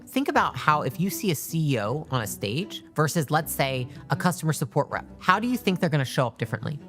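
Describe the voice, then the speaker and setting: A woman's voice: deep voice, big pitch swings, quick pace, soft background music. A woman giving direct, emphatic leadership advice in a motivational talk, acting out examples as she goes.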